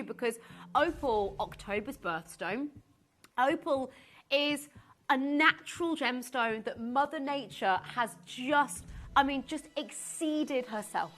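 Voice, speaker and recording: In a high voice, a woman presents a live sales pitch on a TV shopping channel. She gushes excitedly and often restarts her sentences.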